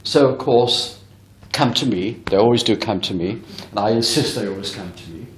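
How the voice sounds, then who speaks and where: A man's voice: on the low side, normal speed, a little hiss or hum. A man giving a spiritualist lecture as a medium, telling a story earnestly and emphatically to a live audience. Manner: earnest, emphatic, often addresses the audience directly. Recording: echoey hall recording.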